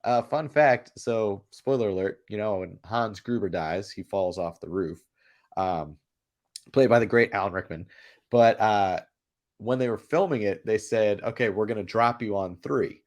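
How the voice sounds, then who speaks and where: A man co-hosting a casual podcast, animated and quick to laugh. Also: on the low side. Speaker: podcast co-host. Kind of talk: casual chat.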